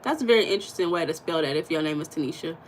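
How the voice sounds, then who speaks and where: An American woman hosting a casual livestream, chatting and reading viewer comments in a blunt, animated way, with occasional swearing and emphatic bursts. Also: low-pitched, rapid-fire, slight background noise, poor audio. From United States. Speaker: livestream host.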